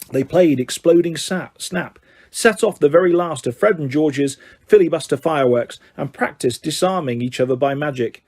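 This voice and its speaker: A man's voice: a little high, a little mellow. A man narrating an audiobook, telling the story steadily and voicing the dialogue. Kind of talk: scripted narration.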